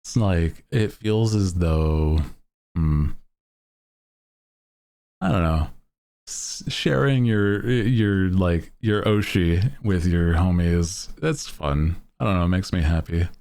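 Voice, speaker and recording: A man streaming as a VTuber, chatting casually to his viewers in a deep voice, rambling and laughing often. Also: slow pace, a little mellow.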